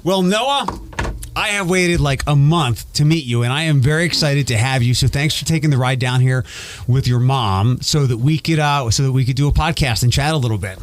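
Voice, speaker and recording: A man's voice: medium pitch, brisk, a little hiss or hum. A man hosting a podcast, chatting in a rambling, self-aware way with a faint Philadelphia accent. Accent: Philadelphia, mostly trained out. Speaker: podcast host. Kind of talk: casual podcast monologue.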